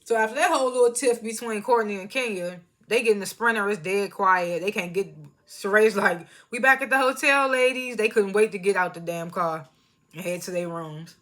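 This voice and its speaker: Speaking a little fast at a medium pitch, this TV show reviewer gives a rambling, slangy recap of a reality show. Her commentary stays loose and chatty, and she frequently laughs at herself.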